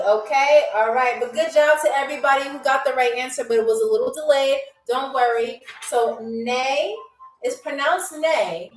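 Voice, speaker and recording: Woman, high voice, game show host, upbeat chatty livestream talk, roomy distant mic, faint music behind. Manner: upbeat, chatty, drawn-out words for teaching. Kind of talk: live-stream trivia hosting.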